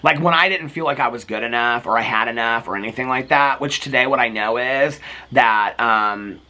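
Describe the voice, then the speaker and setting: Host, male, chatty gossip recap, bright ringing tone, mid pitch. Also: moderate pace. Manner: chatty and gossipy, full of fillers. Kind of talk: casual TV recap chat.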